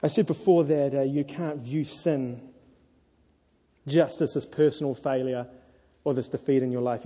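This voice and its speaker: A man's voice: medium pitch, slightly rough. Earnest preacher man in a reverberant hall. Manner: earnest, animated storytelling. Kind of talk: sermon. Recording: echoey hall.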